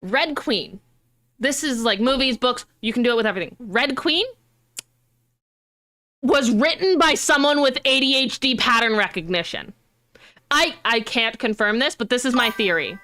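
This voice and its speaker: Bright-voiced young woman streamer. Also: a little high, normal speed. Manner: animated, rambling and profane. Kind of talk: casual stream chat.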